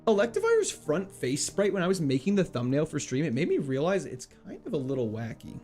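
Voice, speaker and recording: A young man with a slightly raised pitch chats casually with his stream audience. He answers messages in a playful, joking way. Faint game music plays quietly behind him. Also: wildly swooping pitch. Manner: playful, chatty, quick laughs, jokey mock French. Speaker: game streamer reading chat. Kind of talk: casual livestream chat.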